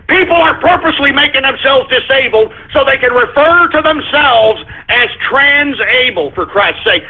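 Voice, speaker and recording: Foul-mouthed male call-in host, husky and shouty, phone-quality audio. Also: very high-pitched, lively intonation, moderate pace, hardly any pauses. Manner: angry, profane ranting with sudden shouts. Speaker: radio show host. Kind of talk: call-in radio rant. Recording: phone-like narrow sound.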